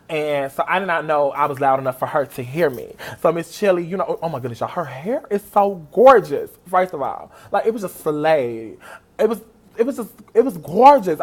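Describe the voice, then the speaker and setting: A man telling an excited personal story on his vlog, gushing and animated and speaking straight to his viewers. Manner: animated and gushing, big pitch swings, talks straight to viewers. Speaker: vlogger.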